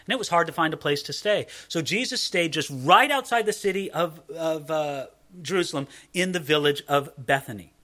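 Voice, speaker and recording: Bright-voiced, high-pitched male preacher. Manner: expository preaching, animated, reads scripture aloud. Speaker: pastor. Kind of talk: sermon.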